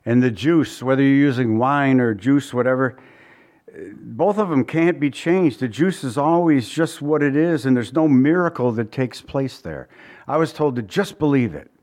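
A pastor preaching a sermon in a conversational way, with asides to the congregation and the odd chuckle. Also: male voice, mid-range voice, moderate pace, a little mellow.

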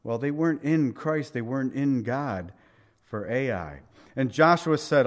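A middle-aged man preaching a sermon as a pastor, in a conversational way, building up for emphasis and then dropping to soft asides. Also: mid-range voice, expressive, unhurried.

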